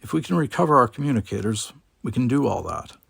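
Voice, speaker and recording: A logical, unruffled alien officer speaking in measured, formal sentences, as a man reads him. The voice is gravelly and close. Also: mid-range voice, no echo, exaggerated voice. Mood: calm. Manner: calm, formal.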